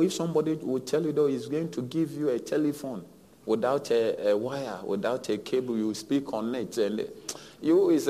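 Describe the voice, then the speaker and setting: A man preaching a sermon as pastor, swinging between hushed lines and loud, emphatic repeated phrases. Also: medium pitch, normal speed, slight background noise. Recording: long hall reverb.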